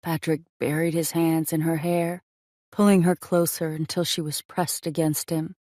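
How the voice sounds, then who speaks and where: A woman's voice: deep voice, level tone, normal speed, mellow, dry recording, clean studio sound. A woman narrating a romance audiobook in a scripted reading style.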